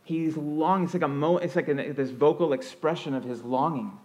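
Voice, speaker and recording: A man preaching a sermon as pastor, earnest and expressive, rising and falling for emphasis, with a conversational flow and frequent restarts. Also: a little high, fairly quick.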